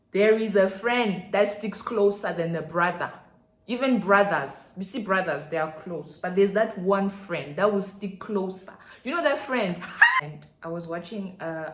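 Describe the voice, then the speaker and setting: Nigerian woman hosting a chatty faith podcast, gets excited, lowish voice, echoey room. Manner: excitable, chatty, addresses listeners as guys. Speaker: Christian podcast host. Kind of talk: casual faith talk.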